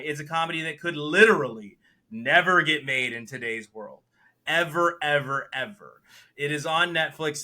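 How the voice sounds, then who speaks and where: A man with a bright, forceful voice, pitched a bit high for a man, talking casually on a podcast about the films he watched. He gets animated and throws himself into the lines he quotes. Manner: animated, acts out quotes with big jumps in pitch and volume. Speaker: podcast co-host reviewing films. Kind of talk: casual chat.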